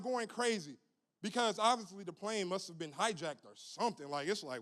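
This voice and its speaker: A young adult man preaching a lively, humorous youth sermon, calling on the crowd to repeat after him. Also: sits high, normal speed. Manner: animated, humorous, call-and-response with the crowd. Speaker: youth minister.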